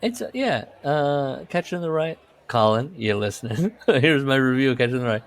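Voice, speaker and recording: A man's voice: mid-range voice, lively intonation, fairly quick. A man co-hosting a podcast, telling rambling stories in casual chat, laughing often and swearing. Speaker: podcast co-host.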